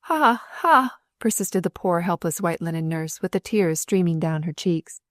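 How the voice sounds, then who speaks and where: A woman narrating a novel as an audiobook, telling the story in an expressive, dramatic way. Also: lowish voice, moderate pace, no echo, clean studio sound.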